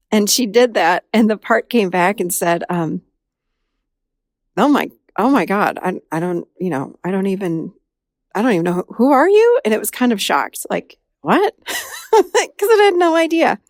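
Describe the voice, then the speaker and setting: A woman's voice: fairly high pitch, no room sound, studio quality. A woman therapist hosting a podcast, telling a client's story casually and acting out the dialogue in a raised voice. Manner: animated, acts out dialogue in a raised voice.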